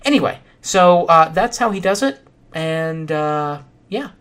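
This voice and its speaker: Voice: medium pitch, expressive, a little slow, fairly bright tone, clear, resonant tone. A podcast host giving a solo science explanation in a casual, dry and sardonic way, with some fillers.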